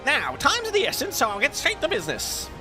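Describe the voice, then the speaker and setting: A man's voice: very high-pitched, huge pitch swings, brisk, voice pushed up, full character voice. A man voicing a chatty old male sailor who tells an old-timey seafaring yarn, reading game dialogue aloud. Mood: spinning a yarn. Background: game music.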